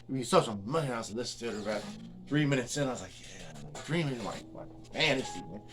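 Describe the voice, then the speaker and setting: A man's voice: mid-range voice, expressive, fast. A man in his fifties telling a rambling, casual story, swearing freely and tagging his sentences with "man" and "you know what I mean". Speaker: guitar restorer and vlogger. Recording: loud guitar playing behind the voice.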